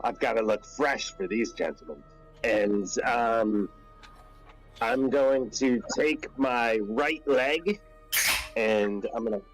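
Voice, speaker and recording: During a tabletop role-play session, a player with a medium-pitched voice jokes around in a laid-back way as he plans his moves. The recording is rough.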